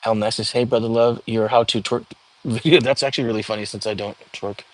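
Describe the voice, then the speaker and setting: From home, a young livestream host reads out comments from viewers and responds in a relaxed, easygoing manner. He speaks briskly in a lowish, steady voice.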